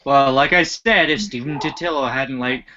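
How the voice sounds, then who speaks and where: A man's voice: mid-range voice, moderate pace, over a noisy crowd. A man in casual chat, mocking and mimicking others, over a muffled lo-fi voice chat.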